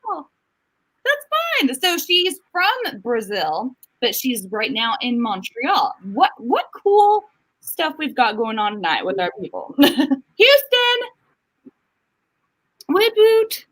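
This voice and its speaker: A bubbly woman hosts a casual livestream, greeting viewers with frequent giggles. Her voice sits high and swoops about, with a bright edge. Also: sing-song, takes it slowly, low-quality recording. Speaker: livestream host.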